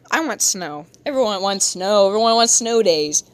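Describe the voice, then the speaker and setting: Young woman streamer talking to chat while drawing, kinda high voice, giggles a lot. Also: animated, normal speed, hardly any pauses, a bit bright, no room sound. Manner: giggly, reads chat aloud, bursts into high squeals. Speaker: livestreamer.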